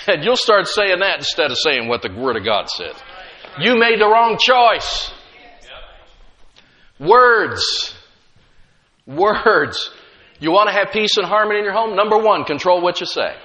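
A middle-aged man preaching a sermon with emphatic delivery, rising loud then dropping quiet, and slipping in humorous asides. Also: sits high, sing-song, moderate pace, muffled recording. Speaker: pastor.

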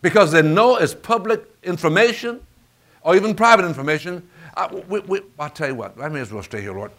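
A man preaches with a drawl, his voice sitting a little high and swinging widely up and down. He works the congregation, calling out for amens as he goes. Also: brisk. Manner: animated call-and-response preaching, asks for amens. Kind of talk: sermon.

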